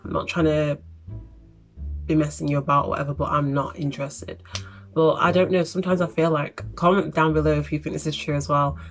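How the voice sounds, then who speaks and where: A woman's voice: low-pitched, steady tone, brisk, soft background music. Chatty woman telling a story. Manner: chatty, exasperated retelling. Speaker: vlogger. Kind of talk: storytime vlog.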